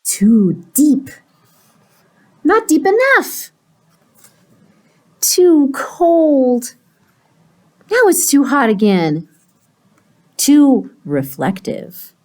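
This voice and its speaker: A woman voicing a picky young male pigeon who whines about his bath in a high, squeaky voice. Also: very animated, drawn-out words, long pauses, darkish tone, exaggerated voice.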